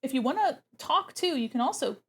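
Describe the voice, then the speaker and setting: A woman's voice: lively intonation, a little fast. Playful chatty woman streamer. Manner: playful, chatty, imitates her cats with squeaky noises. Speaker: art streamer. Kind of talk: casual livestream chat while drawing. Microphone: desk microphone.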